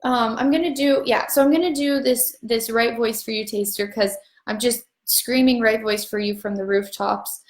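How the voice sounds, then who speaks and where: Upbeat woman coach, fairly high voice, loose rambling pep talk, roomy echo. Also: fairly even intonation, normal speed, few pauses. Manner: chatty, upbeat, rambling, with casual swearing. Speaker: voice class facilitator. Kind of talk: casual motivational talk to an online audience.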